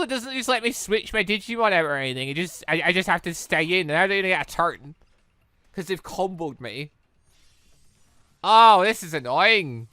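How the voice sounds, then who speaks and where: A man's voice: high voice, bright, forceful tone, no room sound. A man giving exasperated let's-play commentary, swearing often and talking back to the game. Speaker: gaming YouTuber.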